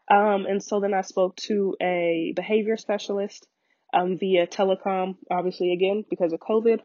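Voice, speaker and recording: A woman, hosting a podcast and telling a personal story in an animated way, acting out quoted voices and getting emotional. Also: moderate pace, no echo, muffled recording. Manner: animated storyteller, acts out quoted voices with big pitch jumps, laughs often. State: emotional, near tears at times. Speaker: podcast host.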